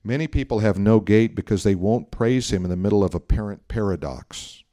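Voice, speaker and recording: A man's voice: on the low side, brisk, dark tone, no echo, studio quality. A man preaching a sermon, telling a story with acted-out dialogue and reading passages aloud from a book. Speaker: pastor.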